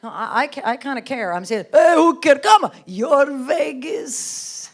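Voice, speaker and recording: A woman's voice: high-pitched, expressive, a little slow. A persistent man hitting on someone at a bar, coaxing in broken English, as a woman comic puts him on. He pushes and wheedles, refusing every no, in a stand-up bit voice. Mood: insistent. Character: pushy flirting man at a bar, won't take no.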